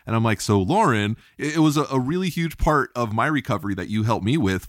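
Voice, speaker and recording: A man's voice: a little high, a little fast, few pauses, dry recording, studio quality. A man hosting a podcast, telling stories with energy, swearing freely and acting out what others said. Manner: animated storytelling, swears freely, acts out quotes. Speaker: podcast host. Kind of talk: casual podcast chat.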